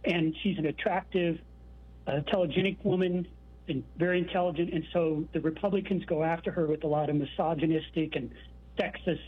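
A man's voice: fairly high pitch, fairly even intonation, fairly quick, slight background noise. A man calling in to a radio show, earnest and rambling. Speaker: caller. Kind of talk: phone-in call. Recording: tinny phone line.

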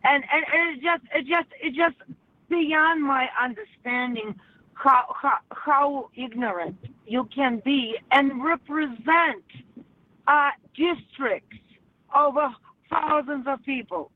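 Kobieta dzwoniąca przez telefon, wolno i z wahaniem. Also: female voice, sits high, dry recording. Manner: halting, many fillers and restarts. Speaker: caller. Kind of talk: phone-in comment. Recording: tinny phone line.

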